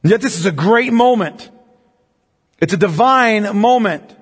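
A male preacher with a high voice teaches through a passage of scripture. He reads the verses slowly and solemnly, then breaks them down in a conversational tone, asking the listeners rhetorical questions. His voice rings with the long reverb of a large church hall. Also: animated, husky. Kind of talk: expository sermon.

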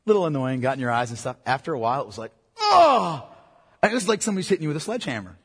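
A pastor preaching a sermon to parents in an earnest, emphatic way. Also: male voice, mid-range voice, big pitch swings, very fast, breathy edge. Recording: long hall reverb.

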